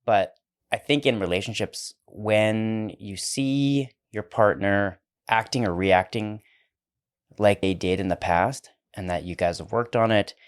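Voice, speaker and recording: A man co-hosting a relationship podcast in a relaxed, reflective way. He explains his points with analogies and swears casually. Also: fairly low pitch, a little slow, clear, resonant tone. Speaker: podcast co-host. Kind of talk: casual chat.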